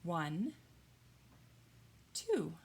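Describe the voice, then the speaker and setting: A woman reading a picture book aloud and leading young children through yoga poses, gentle and encouraging. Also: lowish voice, wildly swooping pitch, very slow, echoey room, distant mic. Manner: gentle, encouraging, sing-song teacher's voice.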